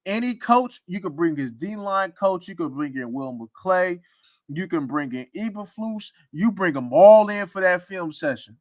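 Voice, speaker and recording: A man's voice: sits high, animated, measured pace, dry recording. A man hosting a casual sports talk stream, teasing and laughing often. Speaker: sports commentary host.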